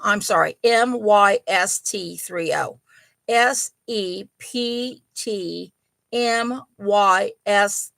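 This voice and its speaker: A middle-aged woman hosting a relaxed home chat, unhurried and rambling, full of ums and little apologies. Her voice has a gravelly, fry-edged texture, and the sound is close and dry with no room echo. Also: medium pitch. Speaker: host of a yarn and crochet channel. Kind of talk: casual live chat.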